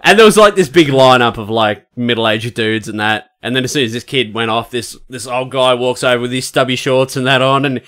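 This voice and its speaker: A man, co-hosting a podcast in casual chat and telling animated stories. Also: medium pitch, a little fast, few pauses, smooth. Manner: animated storyteller, acts out quotes. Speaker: podcast co-host.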